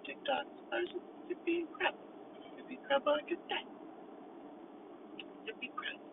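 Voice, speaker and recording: A man's voice: very high-pitched, steady tone, quick pace. A man delivering an absurd, mock-motivational comedic monologue in a put-on voice while driving, recorded inside a car. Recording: tinny phone-like audio with faint road noise.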